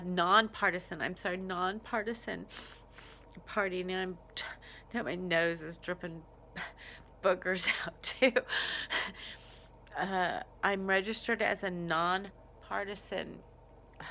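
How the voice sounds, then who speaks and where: A woman's voice: mid-range voice, creaky, a bit bright, slight background noise. An American woman crying as she makes an emotional, rambling plea in a vlog. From United States. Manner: tearful, pleading, rambling with restarts. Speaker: vlogger. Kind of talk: emotional personal plea to camera.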